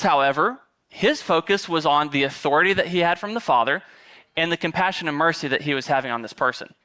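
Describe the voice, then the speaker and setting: Male pastor, sermon, casual and chatty, filler words, fairly high voice. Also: pushed and bright. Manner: conversational, chatty with many fillers; humorous asides.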